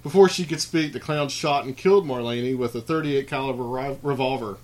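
A podcast host with a mid-range, darkish voice talks briskly as he reads out a list of creepy clown stories. After the list, he chats loosely, rambling with lots of fillers and restarts.

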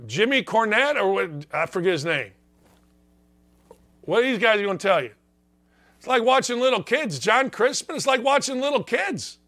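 A man's voice: high-pitched, pushed and bright. A middle-aged man hosting sports talk radio, ranting bluntly and sarcastically into a studio microphone. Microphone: studio microphone with earpiece.

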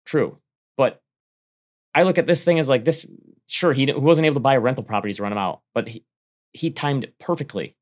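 Brief: brisk male podcast co-host, casual money talk, rapid delivery with quick restarts. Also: medium pitch. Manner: quick, animated, restarts mid-sentence. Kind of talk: casual finance chat.

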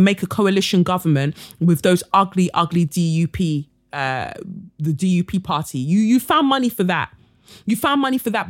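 A woman podcast host with a London accent, ranting bluntly and indignantly, swearing freely. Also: lowish voice. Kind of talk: ranting monologue.

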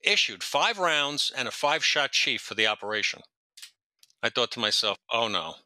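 A man telling stories in a very bright, tense voice, and the sound is close and dry. He rambles, restarts sentences and doubles back in time as he talks. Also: mid-range voice, sing-song, normal speed, dry recording. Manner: rambling, self-correcting, jumps around in time. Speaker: podcast guest, retired police detective. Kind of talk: storytelling in a casual interview.

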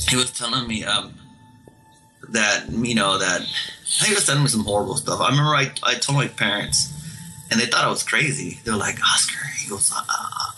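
A man calling in to tell a ghost story in a casual, halting way, often repeating words and restarting sentences. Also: mid-range voice, bright, forceful tone, poor audio. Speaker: caller telling ghost stories.

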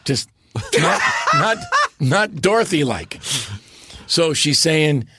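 A man in his sixties, an interview guest, telling stories in an animated way and breaking into impressions and big laughs. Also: on the high side, slow, heavy background noise. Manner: launches into impressions and laughs loudly. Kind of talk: animated storytelling.

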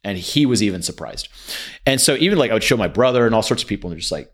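Man, casual podcast guest, quick, lower-pitched, acts out quotes. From India. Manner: animated storyteller, acts out quoted dialogue. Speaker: guest entrepreneur.

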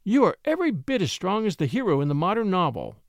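A spirited, well-bred young lady, brave and lightly teasing, as a male narrator puts her on. The voice is lifted high and lilting, swinging lively over each phrase. It is heard close and dry. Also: quick pace, gravelly, dry recording, heavily acted. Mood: happy.

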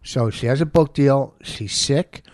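A man co-hosting a podcast with his wife, bickering in a teasing, exasperated way and quick to defend himself. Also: mid-range voice, a little mellow, dry recording. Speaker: podcast co-host. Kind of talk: bickering couple's podcast chat.

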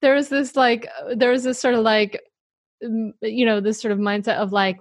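A middle-aged woman, an author and parenting coach, talking in a casual interview, animated, laughing often and restarting her sentences. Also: on the high side, normal speed, no echo, studio quality.

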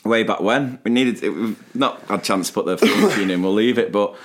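A man's voice: lowish voice, brisk. A man in his forties co-hosting a podcast in casual chat, reminiscing and laughing often. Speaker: podcast co-host.

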